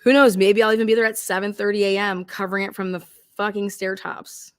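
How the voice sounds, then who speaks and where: A woman hosting a true crime livestream, ranting casually and loudly with a lot of swearing. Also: mid-range voice, fast talker, smooth. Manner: rowdy, swearing, animated. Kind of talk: casual profane livestream rant.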